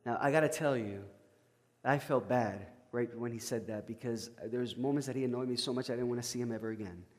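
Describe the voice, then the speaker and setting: Storytelling pastor in an echoey church. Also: male voice, medium pitch, fast talker. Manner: conversational, stammering restarts, swings from loud to hushed. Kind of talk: sermon with personal storytelling.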